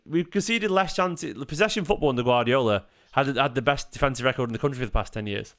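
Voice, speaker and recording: A tired man in his thirties, yawning now and then, talks his way through a live football match for his fan channel. His voice is smooth and clear, and he sits at a middle pitch for a man. His talk is casual, and he answers viewers' messages as the game goes on. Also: expressive, racing, fairly bright tone. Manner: chatty, reacting to the match and reading chat messages. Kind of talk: live football watchalong chat.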